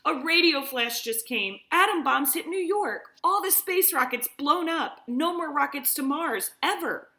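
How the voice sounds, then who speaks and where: A woman's voice: sits high, expressive, unhurried, hardly any pauses, pushed and bright, voice pushed up, heavily acted. A woman voicing a frightened young girl who sobs and pleads as she reads a story aloud. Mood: sobbing. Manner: crying, pleading. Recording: echoey room.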